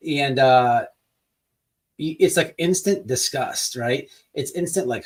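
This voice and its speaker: A man hosts a casual livestream, rambling through his thoughts with plenty of swearing and restarts. His voice sits in an ordinary middle pitch. He mocks his targets in a loose, joking way. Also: moderate pace, husky. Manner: rambling, profane, mocking; mock sales pitch. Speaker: livestream host.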